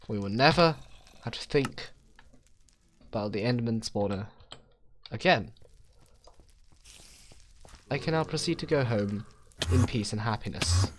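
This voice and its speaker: A man's voice: fairly low pitch, expressive, unhurried, long pauses, a little hiss or hum. A man rambling through casual game commentary, self-mocking and swearing freely. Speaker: gaming video host.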